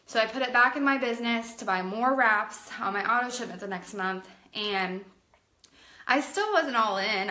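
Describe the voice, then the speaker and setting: A woman in her late twenties telling a personal story to camera in a chatty, animated way, with plenty of "like". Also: medium pitch. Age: late 20s. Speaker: vlogger. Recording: roomy echo.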